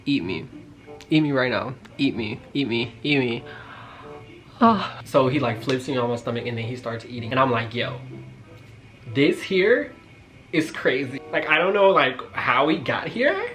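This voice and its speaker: A man in his twenties telling a casual, slangy storytime vlog, jumping loud and high when reacting and dropping to quiet asides. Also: expressive, unhurried, faint music behind. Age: 20s. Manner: casual slangy talk, lots of fillers. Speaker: vlogger.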